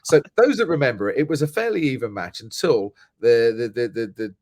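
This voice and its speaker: A man's voice: mid-range voice, expressive, brisk, darkish tone, dry recording, studio quality. A middle-aged man from England, a motorsport commentator chatting as a guest and telling stories with many restarts. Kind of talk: casual podcast chat.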